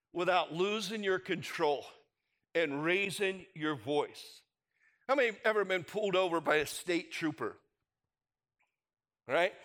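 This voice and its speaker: A middle-aged man preaches a sermon in a high, light voice. He speaks slowly and deliberately, with a chatty, conversational delivery. He keeps drawing the congregation in with rhetorical questions. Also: a bit bright. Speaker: pastor.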